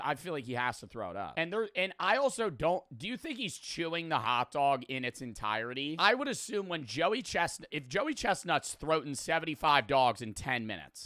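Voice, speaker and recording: A man talks over a video in a loose, profane ramble that wanders from one thought to the next. His voice is bright, clear and smooth. The sound is dry and close, with no room echo. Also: mid-range voice. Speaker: streamer reacting to a video. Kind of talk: casual reaction commentary.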